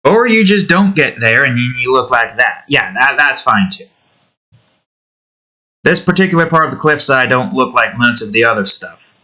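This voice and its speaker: A man with a bright, forward voice talks his way through building a game. He is from the United States and rambles casually, cracking jokes and swearing. He chats to the pieces on his screen as if they could hear him. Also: mid-range voice, expressive, moderate pace. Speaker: hobby game developer.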